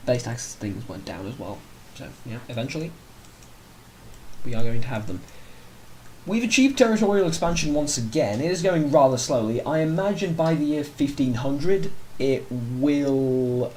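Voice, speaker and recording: A man's voice: mid-range voice, a little mellow, slight background noise. A man hosting a let's play, giving casual, rambling commentary on his strategy game and often correcting himself mid-sentence. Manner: rambling, chatty, self-correcting.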